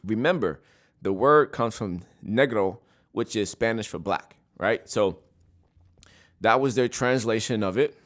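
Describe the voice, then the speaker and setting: On his casual solo podcast, a man with a lowish voice speaks a little slowly. He shares strong opinions, frequently restarts his sentences, and keeps checking in with "right?"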